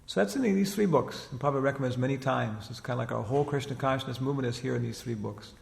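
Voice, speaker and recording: Gravelly man lecturing in a reverberant hall. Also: mid-range voice, racing, darkish tone. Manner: chatty and rambling, many "you know" fillers, laughs while retelling. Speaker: spiritual teacher giving a lecture. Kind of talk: informal religious lecture, storytelling.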